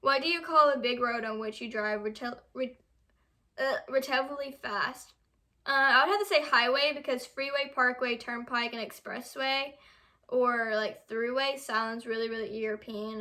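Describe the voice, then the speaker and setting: Young woman, fairly high voice, reads quiz questions aloud, stumbles over words, casual chat. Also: fairly even intonation, normal speed, pushed and bright. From United States. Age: young adult. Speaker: vlogger.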